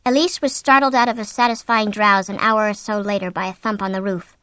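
A woman reading a horror novel aloud as an audiobook, with an expressive, suspenseful delivery on a close mic. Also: medium pitch, brisk, no echo. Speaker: audiobook narrator. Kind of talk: scripted narration of a horror novel.

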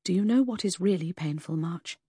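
A woman voicing a scarred, veiled woman who speaks softly and ruefully, in a period audiobook. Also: lowish voice, a little fast, breathy edge, no echo, studio quality. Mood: wounded. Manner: soft, rueful speech.

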